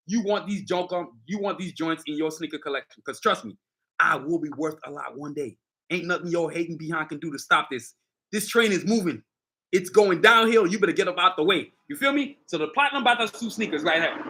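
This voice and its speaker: Hyped bright-voiced man showing off sneakers. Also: high-pitched, animated, a little fast. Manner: hyped, boastful street slang, addresses viewers directly. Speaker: sneaker designer and channel host. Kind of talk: casual live stream showcase.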